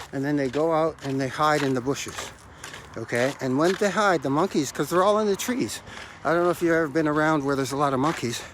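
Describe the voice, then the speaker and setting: A man's voice: a little high, a little hiss or hum. Breathless, emphatic male motivational coach. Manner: emphatic, preachy, repeats key phrases. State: out of breath from running stairs. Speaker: motivational podcast host and life coach. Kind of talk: motivational podcast talk.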